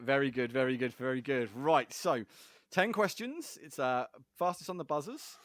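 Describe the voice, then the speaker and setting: A man's voice: mid-range voice, expressive, moderate pace, fairly bright tone, no echo, clean studio sound. A man hosting a casual podcast quiz, chatty and giggly, rambling with fillers. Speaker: podcast host, quizmaster.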